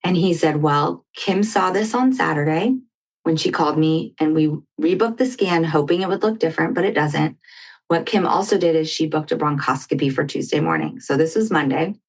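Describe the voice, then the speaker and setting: This low-pitched woman, a guest on a talk show, tells a personal story at a moderate pace. Her storytelling is animated, and she performs other people's lines as she quotes them.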